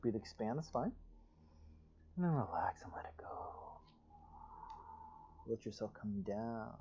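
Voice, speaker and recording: A man teaching a guided yoga class over a livestream, with calm, soothing, drawn-out cues and sighs of relief. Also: on the low side, lo-fi sound, slight background noise.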